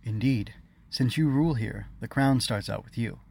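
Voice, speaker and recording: A sly stranger knight from a children's fairy tale, calm and smug, low and gravelly in the reader's own register. A man plays him. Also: moderate pace. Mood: scheming.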